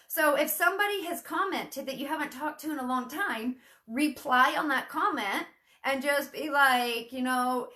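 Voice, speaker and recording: Her voice is high and fairly bright as she coaches her network marketing sales team, keeping the lesson casual and chatty. When she acts out example messages, she shifts into a perkier tone.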